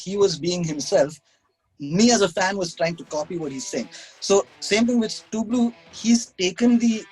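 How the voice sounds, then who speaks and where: A man speaks in a fairly high voice, chatting casually as a guest over a video call. He rambles, restarts his sentences and pokes fun at himself. Faint music plays in the background. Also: low-quality recording. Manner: rambling, self-mocking, frequent restarts and laughs.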